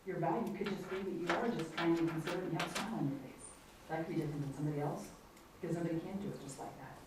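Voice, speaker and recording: A woman's voice: on the low side, racing. A woman leading a team training session, encouraging the group with loosely phrased questions. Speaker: workshop facilitator. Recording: echoey room, distant mic, faint noise.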